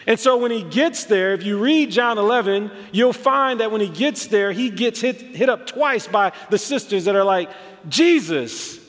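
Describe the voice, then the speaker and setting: Animated male pastor preaching in a hall. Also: high-pitched, normal speed, few pauses. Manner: animated storytelling, acts out quotes, rising emphasis. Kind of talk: sermon. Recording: long hall reverb.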